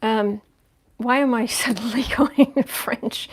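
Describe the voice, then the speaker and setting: A woman with a somewhat high voice hosts a livestream tarot reading. She talks through each card as she turns it over, thinking aloud in a loose, conversational way. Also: steady tone, takes it slowly, slightly rough. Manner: thinks aloud while turning cards, conversational. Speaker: tarot reader.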